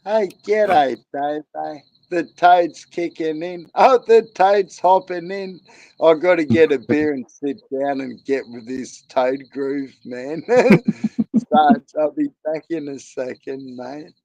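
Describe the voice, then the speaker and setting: A man's voice: on the high side, lively intonation, takes it slowly, a little mellow, dry recording, poor audio. An Australian man, a guest on a casual livestream, joking in laid-back banter.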